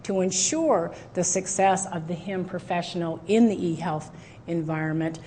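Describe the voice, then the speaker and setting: A woman's voice: on the low side, normal speed, mellow, slight background noise. A middle-aged woman giving a conference presentation, hesitant with frequent fillers and restarts. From Canada. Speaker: conference speaker. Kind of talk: presentation talk. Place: presentation room with a live audience.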